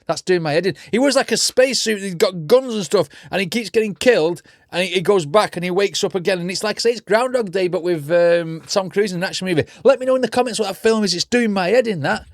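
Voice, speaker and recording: A man's voice: high voice, dry recording, clean studio sound. A man hosting a reaction video, chatting casually and rambling while he hunts for names.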